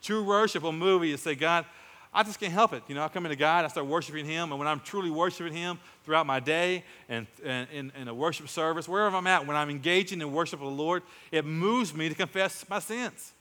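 A male pastor delivers a sermon with a bright, forceful voice that keeps pushing into emphatic peaks. His words ring out with a long reverb, as in a large church hall. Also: on the high side, quick pace. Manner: emphatic, rising to exclamations.

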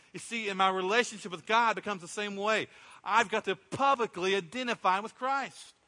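Here the preacher's voice is high-pitched and sharp. He's a middle-aged pastor giving a sermon in a church sanctuary, narrating conversationally and voicing what others said, all wrapped in the hall's lengthy reverberation.

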